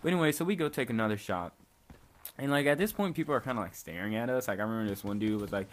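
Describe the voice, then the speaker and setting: A man's voice: on the low side, fast talker. A young man casually telling a story on his vlog, laid-back, peppering his talk with "like" and swearing freely. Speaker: vlogger. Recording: faint background noise.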